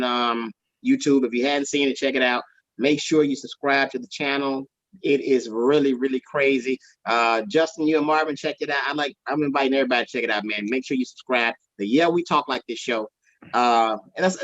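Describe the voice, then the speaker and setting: A comedian, joking around in casual chat on an online show. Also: male voice, medium pitch, a bit bright, no room sound. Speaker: comedian guest. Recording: dull online call audio.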